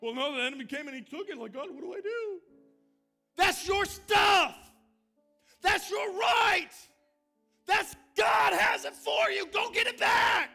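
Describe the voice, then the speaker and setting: A man's voice: very high voice, measured pace, vocal fry, sharp tone, shouting, soft background music. A man preaching a fiery sermon in a church. He repeats his calls again and again and rouses the congregation. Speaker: pastor. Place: church sanctuary.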